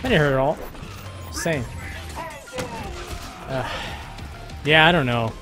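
Guy streaming a fighting game, kinda high voice, mutters to chat then gets loud, music going behind. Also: slow. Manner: muttering to himself while testing moves, bursts of loud excitement. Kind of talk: casual live stream commentary.

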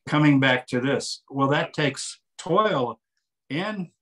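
In a conversational interview, an older author and translator talks about his work, explaining eagerly and reading passages aloud as examples. His voice is on the high side, and he takes it slowly.

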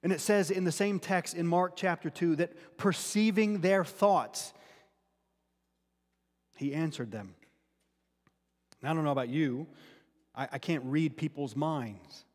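A man's voice: a little high, measured pace, long pauses. A man preaching a sermon, earnest and often restarting words as he teaches from scripture. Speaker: pastor. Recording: long hall reverb.

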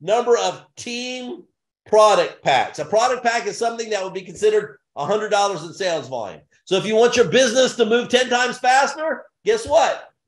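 A man giving an energetic business opportunity pitch in punchy, repetitive short phrases with bursts of excitement. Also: normal speed. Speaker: sales presenter. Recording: roomy echo.

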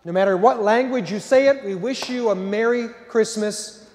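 A man's voice: sits high, moderate pace, slight background noise. A man serving as pastor, giving jovial closing remarks and a blessing at Mass in a large church. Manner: jovial, warm-hearted delivery with playful asides. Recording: reverberant church hall.

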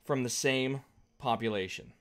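A man's voice: mid-range voice, unhurried, a bit bright. A man teaching a math lesson at a whiteboard, conversational and patient, often checking in with the class. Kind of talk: whiteboard lecture.

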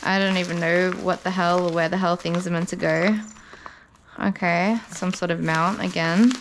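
Pulling parts from a box, an Australian woman with a lowish voice and flat delivery gushes over them at a slow pace, swearing freely. Slight background noise sits under her car vlog.

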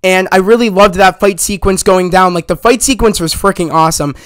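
A man hosting a casual spoiler review of a movie, rambling excitedly with lots of "you know" and "like" as he retells scenes. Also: high-pitched, brisk, no echo. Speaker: movie review channel host.

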